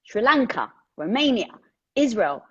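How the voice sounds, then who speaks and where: A woman, chatty and casual, giving motivational talk on a live stream through a headset, swearing lightly as she thinks out loud. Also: fairly high pitch, big pitch swings, a little slow, slightly rough, lo-fi sound.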